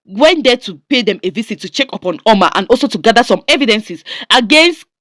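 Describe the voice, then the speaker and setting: A woman's voice: a little high, expressive, fairly quick, noisy background. A woman telling a dramatic family story and giving earnest moral advice. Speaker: storyteller and commentator.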